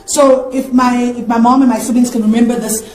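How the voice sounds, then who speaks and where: A woman from tells her own story in an interview in a high, light voice. She tells it with animation and acts out the voices of the people she quotes. The room adds a clear echo around her. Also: flat delivery, brisk, darkish tone, slight background noise. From South Africa. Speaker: interview guest. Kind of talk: personal testimony in an interview.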